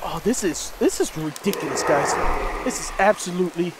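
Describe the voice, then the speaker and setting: Frantic high-voiced man, cursing at monsters. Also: animated, normal speed, very noisy. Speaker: gaming video host. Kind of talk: horror game commentary.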